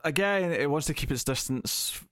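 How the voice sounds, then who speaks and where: A man's voice: a little high, normal speed, fairly bright tone, no echo, clean studio sound. A man co-hosting a podcast, chatting casually and hesitantly about a film he reviews. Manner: rambling, hesitant, restarts often. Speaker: podcast co-host.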